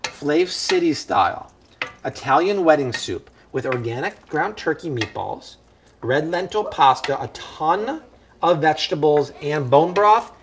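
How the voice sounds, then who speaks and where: A man's voice: fairly high pitch, lively intonation, measured pace, slight background noise. A man hosting a live cooking stream from a home kitchen, enthusiastic and exclamatory. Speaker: cooking show host.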